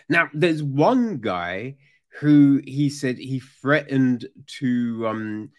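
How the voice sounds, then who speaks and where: A man giving casual, sarcastic true crime commentary, animated and full of swearing. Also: mid-range voice.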